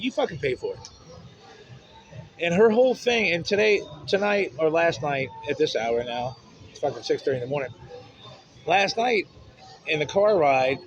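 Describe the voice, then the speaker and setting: A man talks straight to the camera in a rambling, emotional vent, cursing freely and speaking bluntly. His voice sits on the high side, and the recording sounds dull and lo-fi. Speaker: vlogger.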